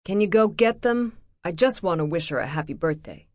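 A narrator voicing a weary, defensive FBI agent. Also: male voice, on the high side, expressive, a little fast, no room sound, clean studio sound, close to an everyday voice. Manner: defensive, a little proud.

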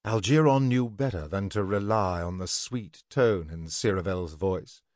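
Male narrator, low voice, dry close-miked sound, deliberate fantasy storytelling. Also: darkish tone, no echo.

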